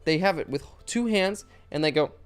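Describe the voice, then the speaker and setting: A man's voice: fairly high pitch, animated, normal speed, smooth, soft background music. A young man streaming a video game, chatting casually in a rambling, crude and joking way, full of swearing. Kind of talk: casual gaming stream chat.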